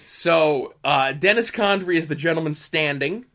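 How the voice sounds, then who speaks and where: A man's voice: a little high, normal speed. A man telling wrestling backstage stories in casual podcast chat, with sly asides. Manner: animated storyteller, sly asides.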